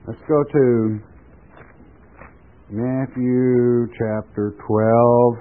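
A man's voice: mid-range voice, fairly even intonation, extremely slow. An older man delivers a folksy sermon, shifting easily from homespun stories into scripture. He chuckles now and then as he talks. The recording is a narrow, tinny radio broadcast. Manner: folksy storytelling, chuckles often. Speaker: preacher.

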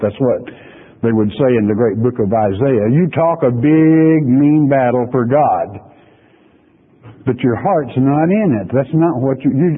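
A husky man preaching a folksy, emphatic sermon. His voice comes through a thin, phone-like radio broadcast with a long, echoing reverb behind it. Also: medium pitch.

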